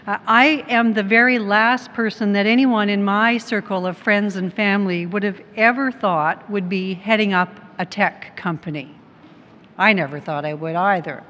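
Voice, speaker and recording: A woman's voice: medium pitch, moderate pace, a bit bright. A middle-aged woman from Canada giving a conference presentation, putting questions to the audience and telling little stories. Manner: poses questions to the audience and tells anecdotes. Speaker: conference presenter, tech company head. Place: large conference hall. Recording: long hall reverb, faint background noise.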